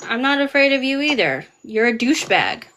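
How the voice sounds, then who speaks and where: On a TikTok live stream, a woman angrily calls out a rude commenter, swearing and yelling in a heated chat. Her voice sits high, very animated and a little fast, with a slight hiss or hum in the recording.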